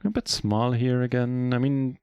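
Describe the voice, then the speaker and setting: A German man whose first language is German, chatting casually in a relaxed, self-deprecating way while commentating his own poker game on a live stream. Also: mid-range voice, moderate pace, clear, resonant tone, dry recording, dull audio.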